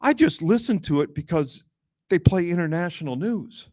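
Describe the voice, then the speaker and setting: A comedian doing an earnest male ride-share driver from Kenya, pitched well above the teller's own voice. The driver sounds insistent and then puzzled and patient, raised and a little strained in a stand-up bit. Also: expressive, moderate pace, a little mellow, no echo, studio quality.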